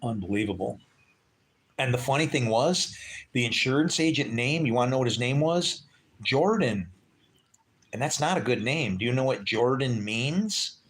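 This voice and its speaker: A man's voice: medium pitch, expressive, normal speed, slightly rough. A man chatting casually with livestream viewers from a porch at dusk, rambling and joking with frequent chuckles.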